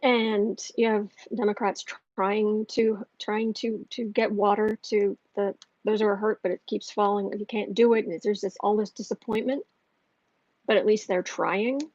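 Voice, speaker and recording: A woman reads tarot cards live while answering her chat, her voice medium in pitch and sliding from indignant venting into quieter asides. She restarts sentences as she works herself up. The sound is a little dull and lo-fi. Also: steady tone, moderate pace, dry recording. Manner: heated, ranting, frequent restarts. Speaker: tarot reader and channel host. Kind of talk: livestream tarot reading with chat.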